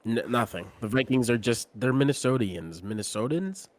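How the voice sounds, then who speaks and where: A man's voice: mid-range voice, lively intonation, normal speed. A man co-hosting a casual sports podcast, talking bluntly and with strong opinions, often trailing off and restarting his sentences. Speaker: podcast co-host.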